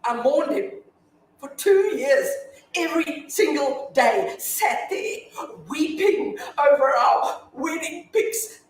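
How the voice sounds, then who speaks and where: A woman's voice: high-pitched, slight background noise. Woman playing a blunt, defiant widow. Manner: confessional monologue, swinging from hushed to shouting. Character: defiant grieving widow, blunt and foul-mouthed. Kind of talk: staged play reading. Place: theatre stage. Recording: echoey hall from far off.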